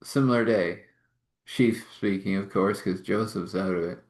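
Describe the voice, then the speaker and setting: A man telling a spiritual story in a relaxed way, laughing often. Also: fairly low pitch, normal speed. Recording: roomy echo.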